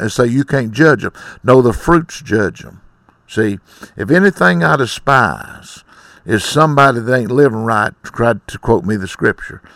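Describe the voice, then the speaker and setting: A man's voice: mid-range voice, creaky, a bit bright, no echo, clean studio sound. A middle-aged man, preaching a blunt, scolding sermon in folksy speech.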